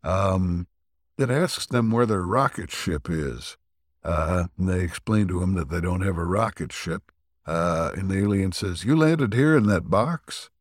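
A man with a low voice hosts a casual podcast recap. He rambles through the plot with plenty of fillers and throat clearing. The sound is close and dry, with no room around it. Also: unhurried, dry recording. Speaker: podcast co-host.

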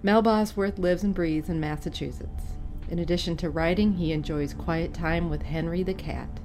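A woman's voice: fairly low pitch, moderate pace, a little mellow, soft background music. A woman announcing authors and story titles in a plain, businesslike way. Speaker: podcast announcer. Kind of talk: scripted introduction.

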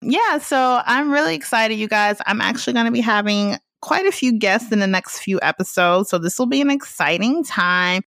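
A woman's voice: a little high, lively intonation, moderate pace, hardly any pauses, a bit bright, dry recording. A woman hosting a casual solo podcast from her apartment, laid-back and laughing often, drawling some words. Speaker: podcast host. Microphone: podcast microphone at home.

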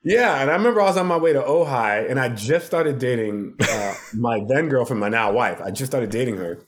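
A man, a podcast guest, telling funny stories from his work in a casual, animated way, often laughing. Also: medium pitch, fairly quick, a little hiss or hum. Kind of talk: casual storytelling.

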